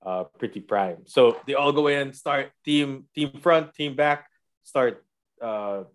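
A man's voice: medium pitch, takes it slowly. A man casually recapping a TV episode for his co-hosts, retelling scenes and acting out the characters' lines with frequent laughs. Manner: animated storyteller, acts out quotes, laughs often. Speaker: podcast host recapping a TV episode. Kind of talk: casual chat.

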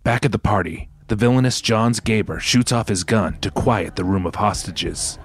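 A man narrating a comedy audio play in a deadpan way. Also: on the low side, normal speed, a little hiss or hum.

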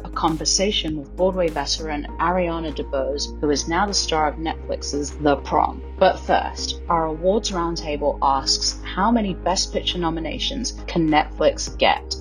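Low-voiced woman podcast host. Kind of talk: scripted podcast intro and casual chat.

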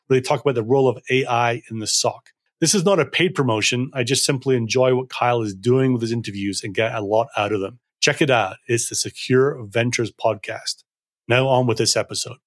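A middle-aged man from Scotland with a Scottish American accent, hosting a solo podcast, talking fast and at times mumbling. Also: medium pitch. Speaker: podcast host. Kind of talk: solo podcast talk and book reading.

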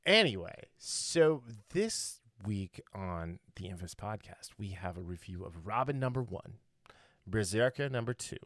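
A tired man hosts a casual podcast in a fairly low voice. He rambles through his intro, trips over his words and laughs as he goes, recorded close and dry with no room sound. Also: sing-song, unhurried, a bit bright, no room sound. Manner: rambling, laughs often, self-correcting. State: tired after a long day. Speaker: podcast host.

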